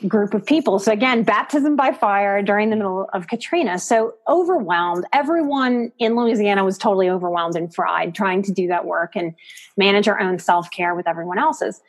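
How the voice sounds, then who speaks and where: A woman's voice: mid-range voice, normal speed. A woman psychotherapist and life coach, a guest on a podcast, speaking expressively and emphatically and repeating words for stress. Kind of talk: conversational interview. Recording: podcast audio.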